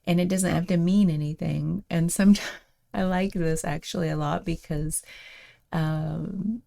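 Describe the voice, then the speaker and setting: Low, gravelly-voiced woman musing aloud. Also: fairly even intonation, unhurried. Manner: thoughtful, meandering, many fillers, soft laughs. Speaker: host of a daily reflection show. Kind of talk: casual spoken reflection.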